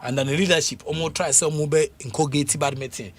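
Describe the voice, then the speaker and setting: A Ghanaian man on a radio sports panel, talking in a loose, animated run that keeps breaking into laughter and fillers. His voice sits a little high, and he circles back and repeats himself as he builds a point. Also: fast, soft background music. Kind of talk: casual radio sports talk mixing English and Twi.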